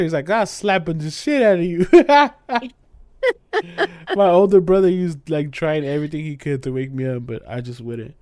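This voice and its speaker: This young podcast co-host recounts a drunk story in casual chat, cursing frequently and performing the quotes with bursts of laughter. His higher voice is expressive and a little mellow at a moderate pace, in a clean studio with no room sound.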